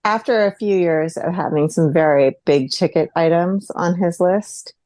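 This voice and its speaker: A woman co-hosting a podcast in casual chat, measured and conversational. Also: on the low side, mellow, no room sound, clean studio sound. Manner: conversational, laughs easily, measured. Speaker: podcast co-host.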